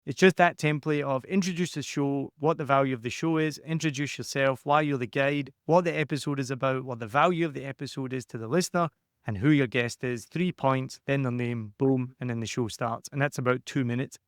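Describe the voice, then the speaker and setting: A man hosting a podcast who coaches his guest in a lively, conversational way and acts out quotes with added pitch. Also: a little fast, dry recording, studio quality.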